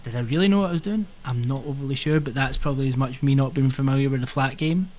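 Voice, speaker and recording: A man co-hosting a podcast, reviewing a game in an earnest, hesitant way and filling his pauses with "um". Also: medium pitch, darkish tone. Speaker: podcast co-host. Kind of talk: casual chat.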